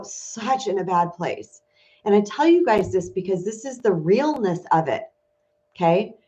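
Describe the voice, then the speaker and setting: Her voice is fairly low with a darkish tone. This life coach, focused on spiritual empowerment, talks candidly and emotionally to her viewers, confessional in the manner of a casual livestream, over dull lo-fi audio.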